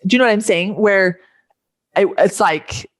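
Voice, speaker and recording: A woman's voice: medium pitch, moderate pace, no room sound, studio quality. A woman life coach speaking as a podcast guest, earnest and thinking aloud with plenty of fillers. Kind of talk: casual conversational interview.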